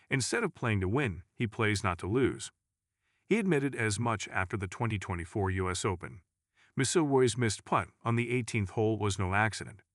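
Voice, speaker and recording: A man's voice: fairly low pitch, no echo, studio quality. A man reading a sports news article aloud as scripted narration, with dramatic emphasis.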